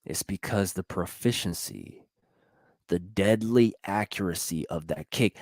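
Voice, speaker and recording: A man giving an energetic motivational monologue in casual slang, repeating lines for emphasis and laughing often. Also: low-pitched, unhurried, dry recording, clean studio sound. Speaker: motivational speaker.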